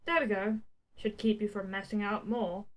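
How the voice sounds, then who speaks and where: A man's voice: high voice, fairly even intonation, normal speed, fairly bright tone. Woman voicing a cocky winged young hero. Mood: teasing. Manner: teasing, casual, slangy.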